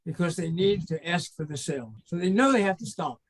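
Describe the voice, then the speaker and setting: A man's voice: high voice, lively intonation, brisk, low-quality recording. An older man, a trainer and consultant, guesting on an interview and telling rambling stories that act out phone calls. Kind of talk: casual storytelling in an interview.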